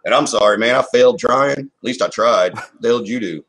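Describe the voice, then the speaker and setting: A man with a husky, slightly rough voice and an ordinary middle pitch talks in a casual chat. He rants bluntly and heatedly, swears freely, and keeps checking in with "you know what I mean". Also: quick pace, a bit bright, low-quality recording. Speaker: co-host.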